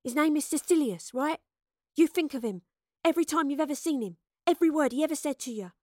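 A blunt young girl barks orders and slang, voiced by a woman reading an audiobook. She sounds brisk and bossy, and the voice is recorded close and dry, with no room around it. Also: sits high, lively intonation, mellow, no echo, pitched above the performer's own voice. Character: young female time-traveller, blunt and bossy. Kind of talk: audiobook character voice.

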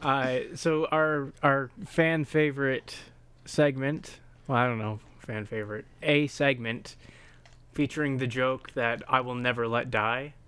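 A man's voice: mid-range voice, a little slow, fairly bright tone, clear, resonant tone. A man co-hosting a podcast in casual chat, joking and chuckling at his own bits. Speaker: podcast co-host.

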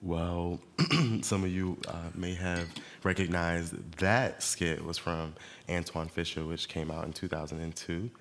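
Deep-voiced man hosting a casual chat. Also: level tone, unhurried, hardly any pauses, fairly bright tone, slight background noise. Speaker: podcast host.

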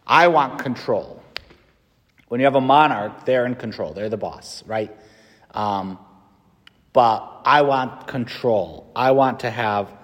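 An American man, a Catholic priest, giving a conversational homily with fillers and restarts. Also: medium pitch. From United States. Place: church. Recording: long reverb from a church.

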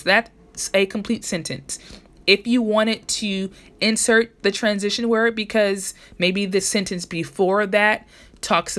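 A woman's voice: medium pitch, fairly bright tone. Chatty woman explaining grammar. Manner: chatty, self-correcting, talks to listeners directly. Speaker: podcast host teaching grammar. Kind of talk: casual teaching monologue.

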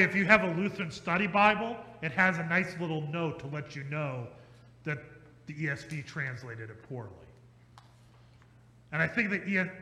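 A male pastor preaching an emphatic, repetitive sermon that slows down for stress and speeds up in asides. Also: fairly high pitch, pushed and bright. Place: church sanctuary. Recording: echoey church hall.

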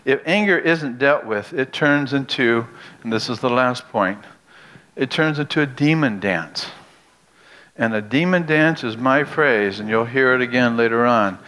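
A man preaching a sermon who tells stories dramatically, drops into hushed low lines, then rises into raised outbursts, and puts questions straight to the audience. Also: a little slow. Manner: asks the audience direct questions.

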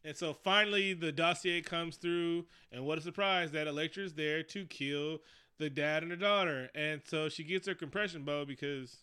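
A man recaps a film in loose, profane, jokey chat. His voice sits a bit high and comes through smooth and clear, with a bright, forward edge. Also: normal speed. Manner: animated, profane, jokey storytelling. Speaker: podcast co-host recapping a movie. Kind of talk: casual chat.

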